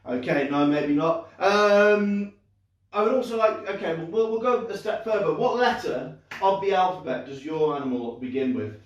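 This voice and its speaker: Performing magic for children on a live stream, a young entertainer speaks at a moderate pace in a high voice. He jokes about himself cheerfully, with frequent fillers and false starts, and the indoor room sounds very echoey with the mic far away.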